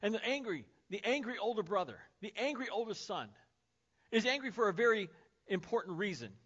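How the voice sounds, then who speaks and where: A man's voice: high-pitched, big pitch swings, fairly quick, fairly bright tone. A male pastor preaching a sermon in a casual, conversational way, speaking to the congregation. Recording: dull lo-fi sermon recording.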